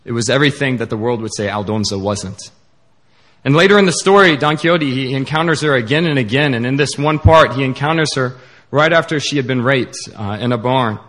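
A man preaching a sermon in an earnest, halting way, with many fillers. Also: mid-range voice, expressive, fairly bright tone.

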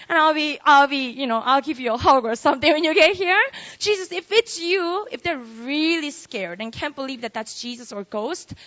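Lively woman preacher. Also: high voice, normal speed. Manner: lively, conversational, acts out quotes. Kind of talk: sermon. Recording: dull lo-fi recording.

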